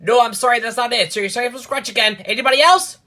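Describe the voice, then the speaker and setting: Homemade quiz host: bright, sharp tone, chirpy game-show patter with small restarts. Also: mid-range voice, fast. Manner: upbeat quiz-host patter, frequent restarts and repeated words. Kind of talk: hosting a homemade quiz show, voicing the contestants too.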